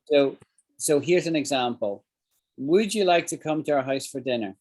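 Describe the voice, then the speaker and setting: A man's voice: medium pitch, normal speed, darkish tone. A man teaching an English class over a video call, explaining phrases and acting out examples.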